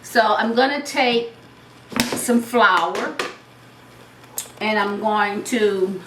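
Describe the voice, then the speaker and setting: A Southern woman hosts a home cooking demonstration, taking her time and talking through each step. She sounds a little way off from the mic in a roomy home kitchen, with dishes and utensils clinking quietly behind her. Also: medium pitch, extremely slow, recorded from a distance, noisy background. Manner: chatty, step-by-step explaining. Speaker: cooking show host.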